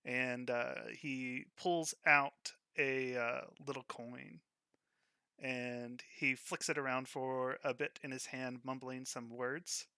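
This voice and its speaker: A man narrating as game master for a tabletop game, relaxed and descriptive, with filler words. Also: mid-range voice, slow pace, creaky, clean tone, no echo, studio quality. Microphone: online voice call.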